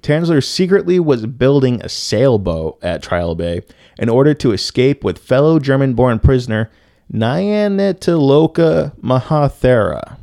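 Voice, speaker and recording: A young man co-hosting a podcast, telling a story casually with lots of swearing and filler words and bursts of loud disbelief. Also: medium pitch, sing-song, unhurried, vocal fry, dry recording, clean studio sound. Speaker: podcast co-host.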